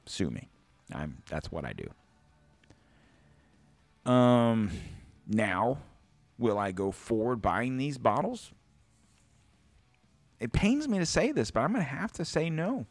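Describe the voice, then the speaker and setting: A man hosting a podcast, ranting casually and profanely, swinging between loud outbursts and low mutters. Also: sing-song, slow, pauses often, no echo. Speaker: podcast host.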